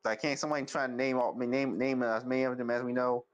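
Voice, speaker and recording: A man's voice: mid-range voice, steady tone, quick pace, highs cut off. A man chatting as a guest on a live stream, stammering and restarting his sentences. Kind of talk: casual chat.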